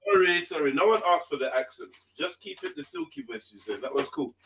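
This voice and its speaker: A man hosts a casual livestream. His voice sits a little high. He talks in loose, teasing slang and keeps things informal. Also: huge pitch swings, a little fast, vocal fry, crowd noise. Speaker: livestream host.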